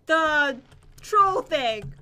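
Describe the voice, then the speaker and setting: A woman co-hosting a gaming video, excitable and giggly, squealing at what happens in the game. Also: high voice, very slow, background noise. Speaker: gaming channel co-host. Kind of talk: casual gameplay banter.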